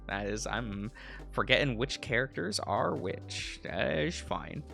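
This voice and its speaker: A man reading a visual novel aloud as he plays, laughing at his own slips and mocking himself. His voice is bright and lively in pitch, and he takes his time over the lines. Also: unhurried, vocal fry, faint music behind. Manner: giggly and self-mocking. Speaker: game streamer.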